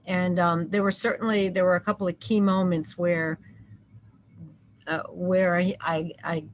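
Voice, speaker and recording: A woman on a parent panel telling a personal story, halting and full of restarts. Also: on the low side, little pitch movement, a little hiss or hum, low-quality recording. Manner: halting, many restarts and fillers.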